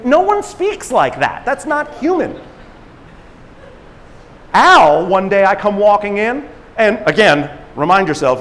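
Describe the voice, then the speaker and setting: A man giving an energetic motivational talk at a conference, acting out quotes and laughing at himself as he tells stories. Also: high voice, unhurried, long pauses, big-room sound. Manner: animated storyteller, acts out quotes, laughs at himself. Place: conference stage in a large hall.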